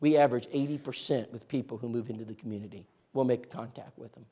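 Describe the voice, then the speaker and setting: A man training a church group in outreach, telling stories in a lively, joking way and speaking to listeners directly. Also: medium pitch, fast, breathy edge. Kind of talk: animated storytelling talk to a church group.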